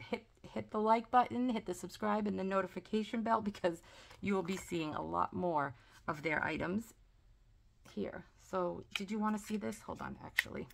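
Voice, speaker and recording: A chatty woman unboxing a sticker haul, gushing over each piece in a casual, rambling way. Her voice has a gravelly, creaky texture at a middle pitch. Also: slight background noise. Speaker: planner and sticker vlogger.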